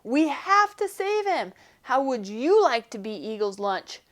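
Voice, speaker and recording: Lady doing a bossy little prairie dog from a storybook, high and bouncy, shouting orders. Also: very animated, measured pace. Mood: urgent. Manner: urgent, commanding.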